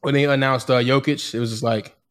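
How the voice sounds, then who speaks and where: A man's voice: medium pitch, steady tone. A man co-hosting a casual sports podcast, chatting in an easygoing, laughing way. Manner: unhurried, chatty, laughs easily. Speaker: podcast co-host.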